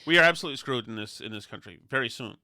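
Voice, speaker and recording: A man's voice: mid-range voice, racing, no room sound, studio quality. A middle-aged man hosting a podcast, bantering casually and telling jokey, sarcastic stories. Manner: joking, sarcastic, animated storytelling. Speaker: podcast host.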